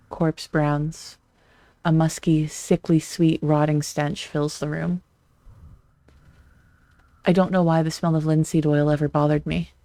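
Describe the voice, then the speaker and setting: Flat, gravelly game reader. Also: medium pitch, no echo. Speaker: let's play streamer. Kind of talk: reading a visual novel aloud with asides.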